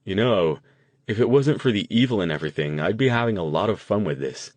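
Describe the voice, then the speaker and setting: A man's voice: on the low side, lively intonation, brisk, a little mellow, no room sound. A man reading the lines of an eager, joking young male friend in an audiobook. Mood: playful.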